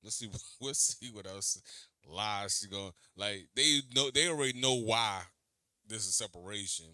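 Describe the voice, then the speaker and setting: A man hosting a reaction video, talking back to an interview clip in a slangy, animated way and repeating himself. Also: fairly low pitch, normal speed, dry recording, clean studio sound. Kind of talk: reaction commentary.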